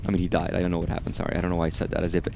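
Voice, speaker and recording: A man's voice: low voice, monotone, very fast, vocal fry, dark tone. A man giving casual, profane, rambling commentary while playing a game.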